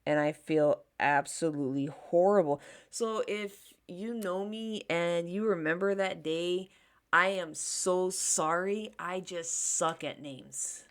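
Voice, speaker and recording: This is a woman in her thirties with a voice that sits a touch low, chatting her way through a storytime while she does her makeup. She is candid and loose, swears often, and slips into little voices for the people she quotes. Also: slow. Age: 30s. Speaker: beauty vlogger. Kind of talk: casual storytime chat while doing makeup.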